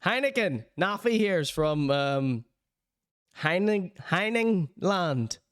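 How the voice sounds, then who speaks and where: A man's voice: high voice, very animated, takes it slowly, a bit bright, no room sound, studio quality. A man hosting a podcast, chatting casually and laughing often while he comments on clips. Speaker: podcast host.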